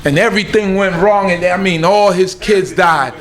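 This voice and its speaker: A man leads a lively Bible study. His voice sits high, and he drives his points home with emphatic questions and call-and-response. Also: moderate pace. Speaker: teacher leading scripture study. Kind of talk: informal Bible teaching.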